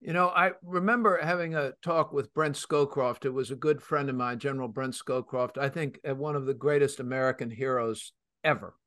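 Emphatic talk show host, dry close mic. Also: male voice, medium pitch, steady tone, a little fast, a bit bright, no room sound. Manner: emphatic, storytelling, many fillers. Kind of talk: radio talk show discussion.

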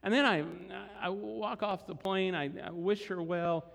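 Speaking a little slowly, a pastor with a high, gravelly, fairly bright voice tells a story conversationally while preaching to his congregation. Long hall reverb fills the recording from the large church hall.

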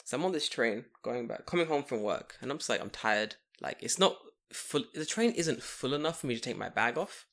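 A young man telling a long story in casual chat, profane and animated, acting out what people said. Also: mid-range voice, fairly quick, creaky, hardly any pauses. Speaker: podcast co-host telling a story.

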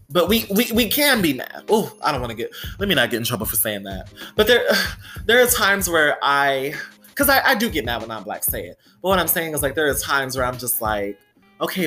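A woman's voice: deep voice, bright, forceful tone. A woman hosting a solo podcast, talking candidly and with plenty of swearing, often saying "you know" and "right?". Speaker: podcast host.

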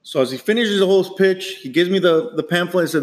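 A man's voice: high voice, expressive, fast, a little hiss or hum. Guy telling a story on a podcast, does his own quotes, easygoing chat. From small-town California. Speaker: podcast co-host. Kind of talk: casual chat.

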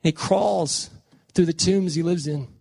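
A man's voice: fairly high pitch, a little slow, creaky, darkish tone, breathy edge. A man preaching a sermon, dramatically retelling a scripture story with intensity.

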